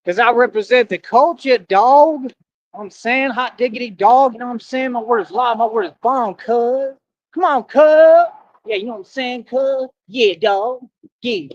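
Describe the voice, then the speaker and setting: A cocky young slang-slinger, swaggering and pitched high, tacking a tag onto every line, as a man puts him on. The audio is slightly muffled and lo-fi. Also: measured pace, a little hiss or hum. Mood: boastful. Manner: cocky, drawls "cuz" and "dog" tags.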